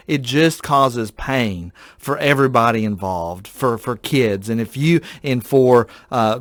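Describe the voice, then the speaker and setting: A man's voice: mid-range voice, no echo, studio quality. A male pastor reading scripture aloud and commenting on it in an earnest, reflective way. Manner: earnest, reflective, with frequent restarts.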